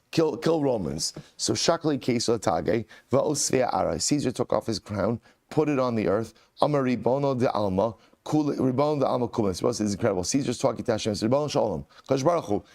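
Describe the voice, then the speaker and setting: A man's voice: lowish voice, a little mellow. A man, a rabbi teaching a Talmud lesson, who reads Aramaic text and then explains it in plain English, often repeating key phrases for emphasis. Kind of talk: Talmud lesson, reading and translating.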